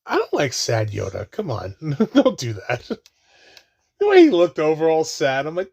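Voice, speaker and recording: Swooping wildly in pitch with vocal fry and a darkish, slightly rough tone, a man talks at normal speed while watching a movie along with listeners. His casual commentary is full of laughter, cursing and mocking high-pitched impressions of the characters.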